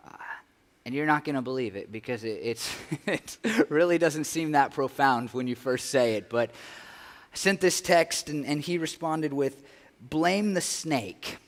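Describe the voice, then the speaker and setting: A man's voice: mid-range voice, a little slow. A man preaching a sermon as pastor, earnest and conversational, with frequent restarts. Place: church sanctuary. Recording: long church hall reverb.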